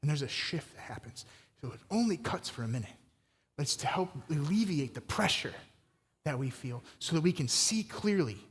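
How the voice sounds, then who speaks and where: Energetic preaching man in a reverberant church. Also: fairly high pitch, husky. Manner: energetic, conversational preaching with fillers. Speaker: pastor. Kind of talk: sermon.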